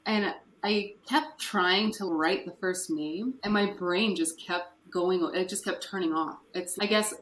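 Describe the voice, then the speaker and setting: A woman's voice: fairly low pitch, measured pace, few pauses, a bit bright. A woman telling her personal story candidly as a podcast guest, with nervous laughs. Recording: echoey room with faint noise.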